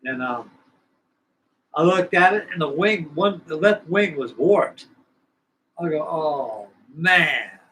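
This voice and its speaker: An older man in his sixties, hosting a live stream as a scale model builder, tells a long, folksy, rambling story while assembling a model kit, often repeating himself. His voice is on the high side and fairly bright, with lively intonation, a measured pace and long pauses. The recording is low quality, with a little hiss or hum.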